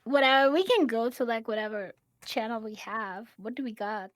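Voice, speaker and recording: A woman's voice: on the high side, normal speed. A woman guest chatting on a stream in a breezy, joking way. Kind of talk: casual chat.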